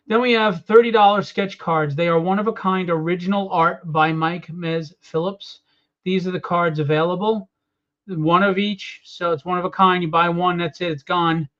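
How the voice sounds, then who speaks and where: A man's voice: a little high, muffled recording. A tired man presenting his comic book campaign live, rambling with many fillers and openly annoyed at what has gone wrong. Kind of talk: casual live-stream walkthrough.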